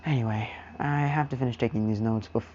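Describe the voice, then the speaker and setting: A man's voice: mid-range voice, steady tone, quick pace, darkish tone, dull audio, a little hiss or hum. A man casually narrating an improvised fan story, rambling with lots of fillers.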